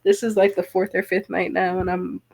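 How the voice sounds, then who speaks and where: A woman's voice: fairly low pitch, steady tone, vocal fry, a little mellow. A woman guest in casual podcast chat, telling her stories in a chatty way and laughing easily. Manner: chatty storyteller, quick to laugh.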